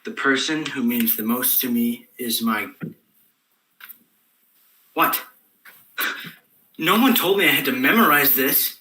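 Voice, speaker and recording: A man's voice: medium pitch, slow pace, long pauses, pushed and bright, slight background noise. A young man playing a sulky, reluctant teen boy in a comic stage monologue, grudging and mumbling. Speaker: student actor. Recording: echoey room from far off.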